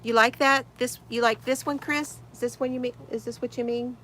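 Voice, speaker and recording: A woman's voice: on the high side, steady tone, a little fast, a bit bright, a little hiss or hum. A woman hosting a casual crochet livestream from her she shed, greeting viewers by name, reading chat comments aloud and laughing often. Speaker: crochet channel host.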